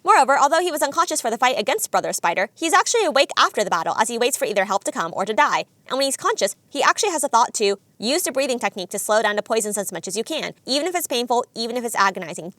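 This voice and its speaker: A woman narrating a scripted anime video essay in a brisk, analytical, enthusiastic way. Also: fairly high pitch, very animated, fairly bright tone, dry recording.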